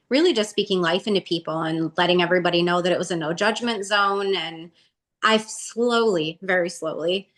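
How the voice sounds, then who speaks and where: A woman's voice: on the low side, a bit bright. A woman guest candidly telling her personal story in a chatty way, with lots of "like" in her speech. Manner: chatty, heavy use of "like".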